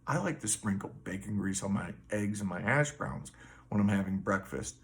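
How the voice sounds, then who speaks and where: Gentle giant, protective and calm, quoted by a male vlogger in his own voice. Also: on the low side, normal speed, voice pushed down, close to an everyday voice. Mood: reassuring.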